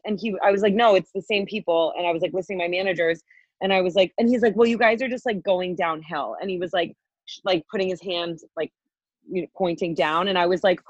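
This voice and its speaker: A woman's voice: mid-range voice, no echo. Heated, profane young woman ranting. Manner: heated, profane, fast rambling with many "like" fillers. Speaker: podcast co-host. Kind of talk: casual chat, venting story. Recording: dull lo-fi dry podcast audio.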